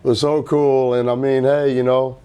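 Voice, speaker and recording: A middle-aged man and record label founder telling an animated anecdote at an indoor hi-fi event, acting out quotes and swearing casually. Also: medium pitch, normal speed, clear, resonant tone. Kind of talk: casual storytelling interview.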